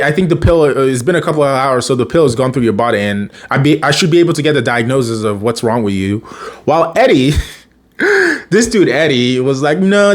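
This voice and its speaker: A man casually recapping a TV episode, rambling along, chuckling, and loosely quoting the characters as he goes. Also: medium pitch. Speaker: show recap vlogger.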